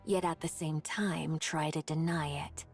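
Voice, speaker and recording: A woman voicing a calm, cryptic female Rapture advisor in a video game, with a low, deadpan delivery. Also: measured pace, husky, soft background music, full character voice. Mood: cool, probing.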